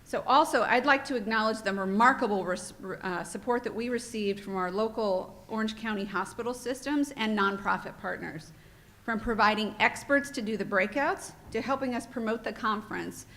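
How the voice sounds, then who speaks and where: A woman with a slightly high voice opens a conference at a moderate pace, speaking into a microphone in a hotel meeting room. Her welcome is warm and heartfelt, a little off-script and emotional.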